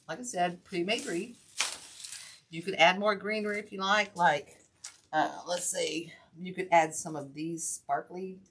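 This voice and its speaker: A woman hosts a casual wreath-making tutorial, chatting and rambling while she works with her hands. Her voice is on the low side and a bit bright, with slight background noise.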